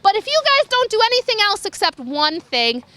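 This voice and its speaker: A woman's voice: very high voice, sing-song, normal speed, pushed and bright. A young woman giving an enthusiastic wildlife lecture to an audience, sometimes imitating animal calls. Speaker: raptor educator. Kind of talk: public lecture.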